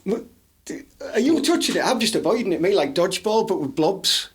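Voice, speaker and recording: A man's voice: high voice, very animated, brisk, a little hiss or hum. A man with a Teesside accent co-hosting a podcast, rambling through mock-serious crude stories. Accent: Teesside English. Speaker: podcast co-host. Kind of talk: crude casual banter.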